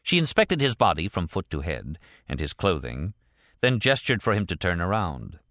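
A man narrating a thriller audiobook in a measured, even storytelling manner. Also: sits low, no echo, studio quality. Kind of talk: scripted narration.

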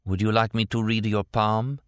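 A man voicing a strange young Italian woman with an Italian accent, speaking slowly and dreamily. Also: on the low side, level tone, dry recording, clean studio sound, voice pushed up, lightly acted. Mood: dreamy. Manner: slow, dreamy, deliberate.

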